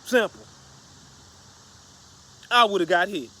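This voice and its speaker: A man's voice: high voice, slow pace, bright, forceful tone. Slangy, profane man telling a story. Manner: profane, slangy, rambling with restarts. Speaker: vlogger. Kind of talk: casual storytelling vlog.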